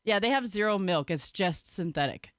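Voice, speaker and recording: A woman's voice: mid-range voice, lively intonation, moderate pace, fairly bright tone, no room sound, clean studio sound. A young woman in casual chat, telling a story in a chatty way with many fillers and frequent laughter.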